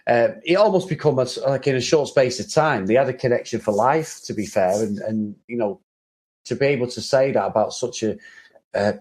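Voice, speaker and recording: A man's voice: mid-range voice, a little fast, a little mellow. A man co-hosting a casual chat about an old film, talking freely with many restarts and frequent laughs. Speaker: podcast co-host.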